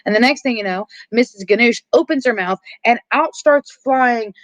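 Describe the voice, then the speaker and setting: A podcast host recapping a horror film in casual chat, animated and profane, with lots of filler words and acted-out bits of dialogue. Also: medium pitch, no room sound. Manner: acts out characters' lines in quick asides.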